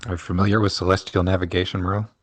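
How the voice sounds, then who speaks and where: A man's voice: low-pitched, flat delivery, racing, no room sound. Een man die zakelijk en uitleggend meepraat in een online debat. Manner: explanatory, matter-of-fact. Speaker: panelist.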